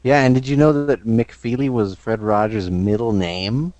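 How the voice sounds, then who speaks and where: A man's voice: lowish voice, steady tone, unhurried, a little mellow, no echo, muffled recording. A man co-hosting a podcast, answering a listener's question in casual comedic chat and reacting with teasing exasperation. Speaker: podcast co-host.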